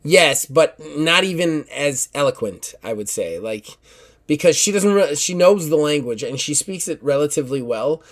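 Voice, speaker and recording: A man's voice: a little high, animated, normal speed. A man narrating as game master of a tabletop game, explaining in a loose, casual way. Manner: casual, explains with lots of likes.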